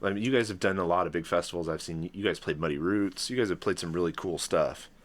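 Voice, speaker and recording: A man with a deep, low voice hosting a casual podcast. He asks friendly questions and laughs along with his guest. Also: quick pace. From California. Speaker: podcast host.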